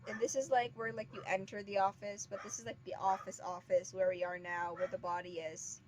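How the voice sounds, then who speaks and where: Streaming a game, this young woman rambles through casual chatter packed with filler words, speaking briskly in a level, mid-range voice. A dog sits in the background, and her weak stream mic buries everything under heavy static hiss.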